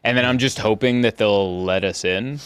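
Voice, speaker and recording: A man in his thirties hosting a casual podcast chat, telling stories with animated delivery and frequent laughter. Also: on the low side, normal speed, clear, resonant tone. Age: 30s. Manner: animated storytelling, laughing often. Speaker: podcast host.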